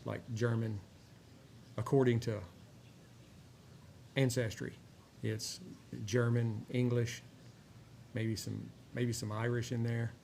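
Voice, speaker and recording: A man from Texas with a drawl, hosting a cigar review show and chatting in a rambling, relaxed way with many filler words. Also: mid-range voice, creaky. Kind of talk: casual chat while smoking a cigar. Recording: faint background noise.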